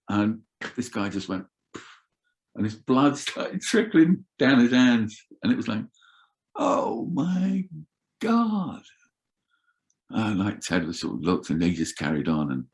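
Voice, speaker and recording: An older man telling roadie stories in an animated, swearing way as an interview guest. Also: lowish voice. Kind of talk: casual storytelling.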